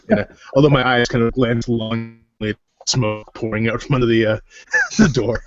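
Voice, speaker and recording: A man's voice: medium pitch, huge pitch swings, moderate pace, muffled recording. A man playing a tabletop game in character, hesitant, fussy and stammering. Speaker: player.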